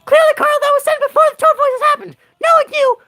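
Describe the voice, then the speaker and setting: A man putting on a squeaky, shouty toad voice during a game stream, giddy and absurd. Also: fairly even intonation, fast, soft background music, full character voice. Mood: manic squeak. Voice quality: very high, strained squeak. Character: squeaky shrieking little toad creature, manic.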